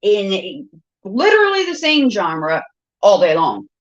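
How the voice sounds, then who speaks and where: A woman's voice: mid-range voice, huge pitch swings, takes it slowly, lo-fi sound. A woman co-hosting a casual podcast, teasing and arguing with profanity. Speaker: podcast co-host. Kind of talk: casual banter.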